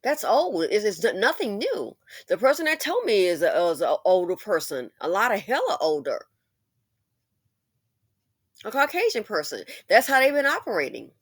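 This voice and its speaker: A woman's voice: medium pitch, wildly swooping pitch, normal speed, breathy edge, no room sound. A woman hosting a commentary monologue, emphatic and preachy, repeating her points for force. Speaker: commentary channel host.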